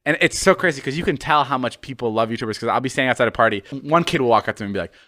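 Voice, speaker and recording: A man hosting a podcast in casual chat, telling stories with lively acted-out quotes. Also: medium pitch, rapid-fire, no echo, clean studio sound. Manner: animated storyteller, acts out quotes in shifting voices. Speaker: podcast host.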